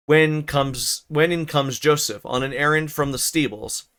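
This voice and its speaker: A man's voice: a little high, unhurried, fairly bright tone. A man reading a classic novel aloud on a livestream, with stumbles, rereads and casual asides. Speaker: streamer narrating a novel.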